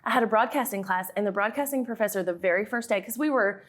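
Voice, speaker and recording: A woman in her thirties with a thick Southern American accent, a guest in a casual podcast interview, talking in a chatty, animated way. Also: mid-range voice, fast. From Southern United States. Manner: chatty and animated, acts out her own past lines. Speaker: guest, YouTube creator and business owner.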